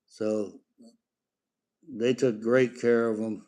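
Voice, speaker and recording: A man's voice: lowish voice, little pitch movement, slow, dark tone. A middle-aged man, chatting casually on a live stream about his pet parrot and breaking off to talk to the bird.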